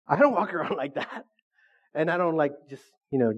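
A man's voice: fairly high pitch, animated, a little fast. A middle-aged man preaching a sermon as pastor, joking and calling for answers from the congregation. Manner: joking, call-and-response with the congregation. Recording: dull lo-fi recording.

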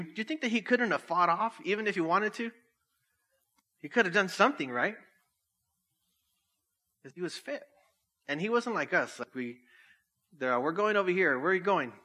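Bright-voiced joking man preaching. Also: high voice, very animated, moderate pace, long pauses. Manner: jokey and conversational, laughing at himself. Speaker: pastor. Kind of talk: sermon.

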